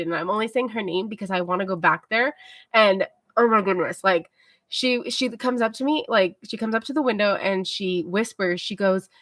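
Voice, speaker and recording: A tired young woman hosting a livestream, telling a rambling story in a mellow, casual way, full of fillers and talking to herself. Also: mid-range voice, no room sound, studio quality. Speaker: livestream host.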